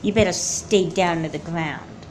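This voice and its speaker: Woman playing a cold, taunting sister in a nightmare for a doll movie, unhurried delivery. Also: fairly low pitch, a little mellow, slight background noise, lightly acted. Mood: cruel. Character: menacing sister in a nightmare, cruel girl.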